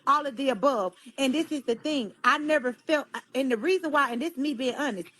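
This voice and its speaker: Woman, high voice, blunt and emphatic, rhetorical questions, candid interview. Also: brisk, few pauses, fairly bright tone, a little hiss or hum. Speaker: guest in a played clip.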